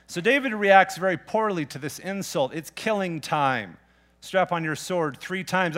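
A man's voice: fairly high pitch, a bit bright. A man preaching a sermon in a plain, conversational way, reading scripture aloud and asking his listeners pointed questions. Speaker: pastor.

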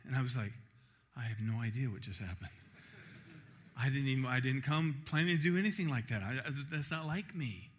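A middle-aged man preaching a sermon, telling a personal story in an animated way and acting out the crowd. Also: mid-range voice.

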